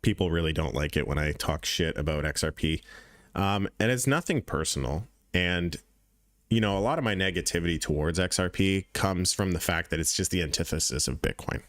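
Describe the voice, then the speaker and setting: Low-voiced blunt man talking crypto charts. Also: a little fast, a bit bright, no room sound, clean studio sound. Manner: blunt, profane, repeats points for emphasis. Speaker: crypto trading channel host. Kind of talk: casual market commentary over charts.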